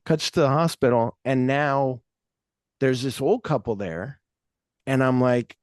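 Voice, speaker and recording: A man's voice: medium pitch, lively intonation, moderate pace, no room sound, clean studio sound. A man hosting a podcast, rambling through casual film talk, acting out quotes and swearing freely. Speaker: podcast host.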